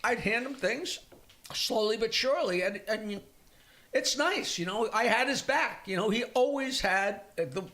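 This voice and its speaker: Brief: older comic, high bright voice, animated storyteller. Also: male voice, normal speed. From Long Island, New York. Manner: animated joke-telling storyteller. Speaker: comedian guest. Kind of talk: casual storytelling chat.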